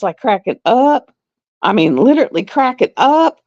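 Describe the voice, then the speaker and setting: A middle-aged woman hosting a live stream in casual chat, blunt and repetitive, often quoting herself in an even higher voice. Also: moderate pace. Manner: chatty, blunt, drawling, repeats herself. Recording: dry, dull lo-fi sound.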